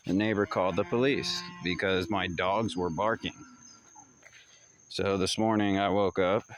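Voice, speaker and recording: A man with a fairly low voice tells a story in an easygoing, slangy way, circling back and repeating himself as he goes. Behind him, dogs bark faintly and fireworks pop in the distance. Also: fairly even intonation, measured pace, a little hiss or hum. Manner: rambling and repetitive, loose slangy talk. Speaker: vlogger. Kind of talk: casual storytelling to camera. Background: dogs barking and distant fireworks.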